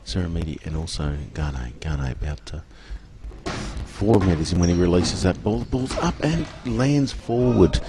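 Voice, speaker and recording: A man calling a ball game play by play, rising to excited shouts when a goal goes in. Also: sits low, measured pace, background noise. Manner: rises to excited shouts at goals. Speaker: play-by-play commentator. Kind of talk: live sports commentary.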